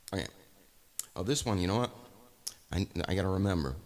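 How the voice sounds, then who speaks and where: A man's voice: low-pitched, animated, fast talker, pauses often, a little mellow, in a large hall. A man chatting casually to viewers on a music live stream, rambling with restarts.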